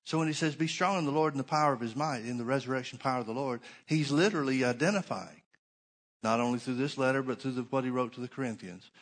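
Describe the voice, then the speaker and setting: A middle-aged male pastor preaching a Bible sermon, stressing key phrases by slowing down and repeating them. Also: medium pitch. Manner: preaching with shifting emphasis, slows to stress points.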